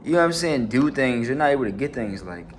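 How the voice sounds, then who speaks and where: A man's voice: mid-range voice, lively intonation, fast, a little hiss or hum. A man talking casually to his channel from home, in loose slang and with constant "you know what I'm saying" fillers. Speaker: channel host. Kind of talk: casual motivational vlog talk.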